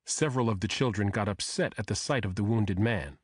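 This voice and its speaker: A man narrating a thriller audiobook in a steady, measured reading. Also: lowish voice, husky, dry recording, clean studio sound.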